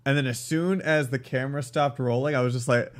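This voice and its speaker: A man's voice: mid-range voice, fairly even intonation, fairly quick. A man co-hosting a casual chat, talking through a cold with a stuffy, nasal voice and a joking, rambling manner. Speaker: podcast co-host.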